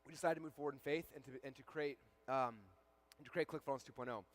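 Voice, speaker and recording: Fast-talking energetic man on stage. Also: on the high side. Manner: energetic storyteller, acts out quoted dialogue. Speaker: keynote speaker. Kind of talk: live stage keynote storytelling. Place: large event hall with live audience.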